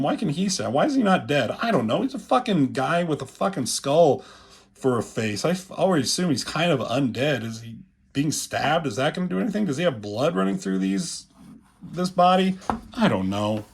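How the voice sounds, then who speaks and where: Husky man rambling casually, swearing often. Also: mid-range voice. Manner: rambling and profane, heavy filler "like". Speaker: guest comic commentator. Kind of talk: casual comic-page commentary.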